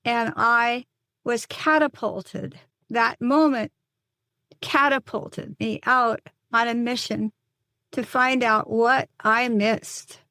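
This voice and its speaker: An older woman, a psychotherapist and mother, telling a painful personal story in an interview, earnest and halting with many restarts. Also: on the high side, steady tone, pushed and bright, no echo.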